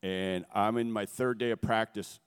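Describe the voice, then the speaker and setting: A middle-aged man with a low, smooth, resonant voice tells his story in an earnest, halting way. His words ring out through a big hall, trailing a long echo behind them. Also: steady tone. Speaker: guest speaker. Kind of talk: personal testimony. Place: on a stage before a gathering.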